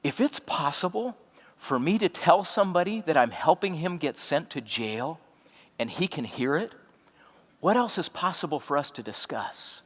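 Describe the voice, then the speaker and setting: Deliberate middle-aged man in a reverberant hall. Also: on the high side, animated, fairly bright tone. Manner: measured, deliberate storytelling with emphatic pauses. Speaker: keynote speaker. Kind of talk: inspirational stage talk.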